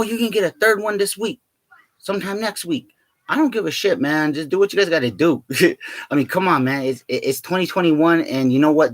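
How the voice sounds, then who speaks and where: A man's voice: medium pitch, fairly bright tone. A man rambling casually in a vlog, swearing a lot, tacking "man" onto his lines and laughing often. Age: adult with a child. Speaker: vlogger.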